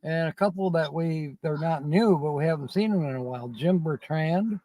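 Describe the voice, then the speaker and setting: A man's voice: fairly high pitch, moderate pace, mellow, no room sound, low-quality recording. A man hosting a live comedy stream, greeting viewers and laughing at the jokes. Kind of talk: casual live-stream banter.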